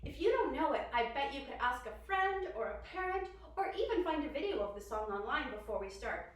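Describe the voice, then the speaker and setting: A woman's voice: high-pitched, sing-song, a little fast. A woman leading a children's yoga lesson in a playful, sing-song way, coaxing the kids with questions. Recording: echoey room, distant mic.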